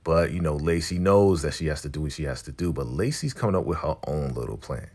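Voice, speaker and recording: A man giving a casual, animated recap of a TV episode, laughing often as he tells it. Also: a bass voice, quick pace, slightly rough. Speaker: recap vlogger.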